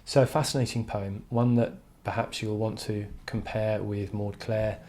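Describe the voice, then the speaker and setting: A man's voice: on the low side, flat delivery, normal speed, a little mellow, slight background noise. A man teaching an English literature lesson online, talking thoughtfully with frequent "um"s and restarts. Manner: thoughtful, hesitant with frequent fillers.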